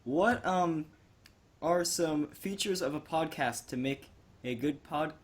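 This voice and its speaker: A man's voice: fairly high pitch, takes it slowly. A young man on a casual podcast, blurting silly nonsense.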